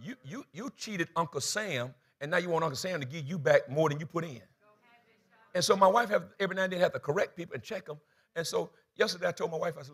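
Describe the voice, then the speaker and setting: Pastor, male, slightly high voice, storytelling sermon with comic flair. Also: quick pace, breathy edge. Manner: animated comic storytelling, acting out dialogue.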